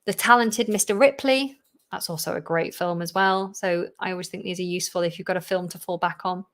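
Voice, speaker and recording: A woman is teaching English on a live stream, reading out viewers' questions from the chat. She answers them in a loose, chatty way, with fillers and quick asides along the way. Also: lowish voice, a bit bright.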